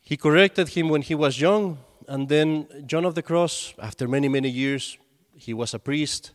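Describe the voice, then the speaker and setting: A man's voice: a little high, moderate pace. A man, a priest, giving a conversational sermon and telling stories with acted quotes. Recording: long hall reverb.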